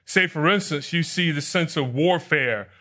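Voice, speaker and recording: Bright-voiced man preaching. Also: a little high, normal speed. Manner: asks the congregation questions and reads scripture aloud. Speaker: pastor. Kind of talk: sermon.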